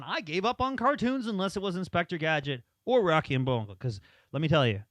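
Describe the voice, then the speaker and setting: Guy rambling thru old tv memories, kinda high voice, dry close mic. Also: no room sound. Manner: rambling storyteller, acts out quotes. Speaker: podcast co-host. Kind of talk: casual chat.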